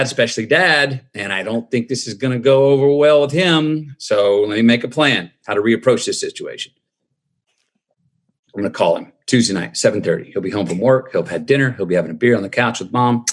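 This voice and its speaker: A man's voice: on the low side, a bit bright, breathy edge. A middle-aged man, telling a personal story in a podcast interview with a drawling, reflective manner. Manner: drawling, reflective storyteller acting out quoted voices. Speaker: guest.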